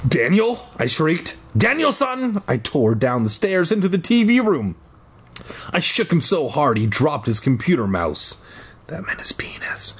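A man doing a shrill, panicky young girl. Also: sing-song, a little slow, a bit bright, husky, full character voice. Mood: panicked. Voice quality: high shrieking voice. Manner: overdramatic, yelping. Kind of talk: comedic read-aloud of a kids' book.

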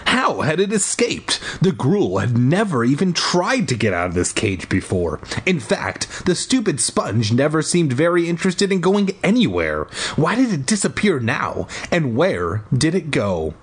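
A man reads a spooky kids' book aloud with a husky voice, swinging his pitch all over the place. He breaks off into rambling, jokey asides full of swearing. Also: big pitch swings, unhurried, hardly any pauses. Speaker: reader.

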